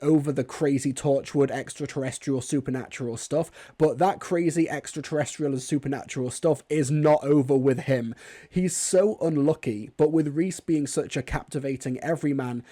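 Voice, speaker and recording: A man's voice: on the high side, mellow. Man with a cold reviewing an audio drama. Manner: enthusiastic, chatty. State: has a cold. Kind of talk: online review.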